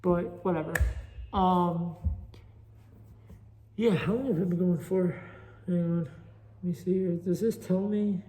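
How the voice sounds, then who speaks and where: Unhurried and pausing often, a podcast host with a New York Italian accent talks in a high-pitched, dark-toned voice with fairly even intonation. In his rambling, restless solo monologue, recorded on a phone with echoey chamber reverb, he pokes fun at his own amateur stand-up comedy.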